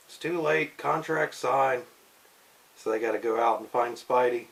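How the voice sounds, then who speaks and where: Dad reading comics to his kids, easygoing, mid-pitch, playful asides. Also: unhurried, gravelly, fairly bright tone, poor audio. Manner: playful, slips into goofy character voices. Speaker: father reading a comic book aloud to his daughters. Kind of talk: casual read-aloud with commentary.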